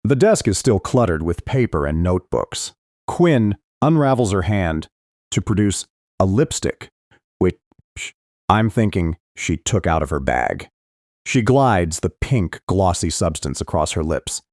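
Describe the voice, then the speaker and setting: A man narrates a thriller audiobook in the first person, his voice sitting very low. His delivery moves expressively up and down as he builds tension. The recording is dry and close, with no room around it. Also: big pitch swings, measured pace, a little mellow, dry recording.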